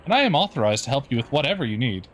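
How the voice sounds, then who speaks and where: A man's voice: medium pitch, big pitch swings, racing, slight background noise, pitched above the performer's own voice, close to an everyday voice. A man voicing a prim, evasive woman librarian in a fantasy game, sweetly condescending and calling people dearie. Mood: flustered polite.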